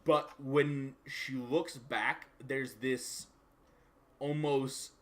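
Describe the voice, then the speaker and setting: A man acting as game master, narrating scenes and ruling on dice in a relaxed, searching way. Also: medium pitch, extremely slow.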